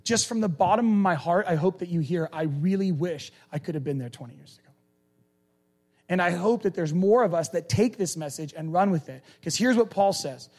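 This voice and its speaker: A middle-aged man preaching a sermon as a pastor, animated and acting out the people he talks about. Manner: animated, acts out people in quick high voices.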